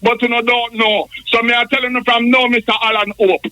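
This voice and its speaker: A man's voice: very high voice, level tone, a little fast, pushed and bright, no echo, low-quality recording. A man with a Jamaican accent calling a radio show, preachy and rambling, repeating himself. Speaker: caller. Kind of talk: preachy call-in monologue.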